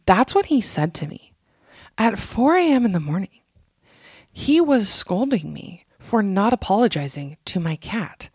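A woman hosting a casual solo podcast, telling sarcastic, animated stories into a close mic. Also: medium pitch, measured pace, husky, no room sound. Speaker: podcast host.

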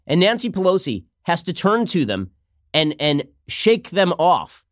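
A man hosting a political commentary show, talking fast with a sarcastic, mocking manner. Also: high voice, big pitch swings, no echo, clean studio sound. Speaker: host.

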